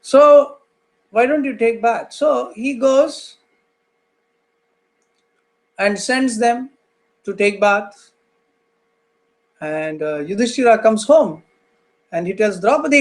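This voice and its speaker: A spiritual teacher retells an old scripture story in an unusually high voice for a man. He speaks very slowly and draws out his phrases with long dramatic pauses. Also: expressive.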